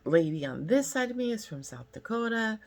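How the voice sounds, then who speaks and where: A woman's voice: medium pitch, sing-song, a little fast, a little mellow. A woman in her fifties from California telling a casual story time, chatty and rambling with lots of fillers. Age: 50s. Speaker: vlogger.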